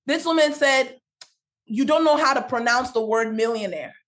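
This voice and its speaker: A young woman with a non-native English accent, talking passionately on a faith-based podcast in a quick, preachy storytelling way. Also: sits high, a bit bright. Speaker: podcast host, Christian business speaker.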